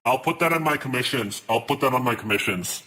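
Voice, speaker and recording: A man's voice: mid-range voice, lively intonation, fast talker, pushed and bright. A man chatting casually on a live stream, ranting in exasperation and swearing as he reads his chat aloud.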